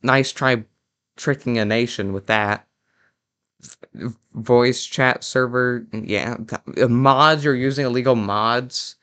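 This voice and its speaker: A young man with a smooth, resonant, mid-pitched voice delivers a mock-critical reaction commentary. He sounds sarcastically outraged and often trips over his words, restarting sentences as he fakes indignation. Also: slow pace, a bit bright. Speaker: parody commentator.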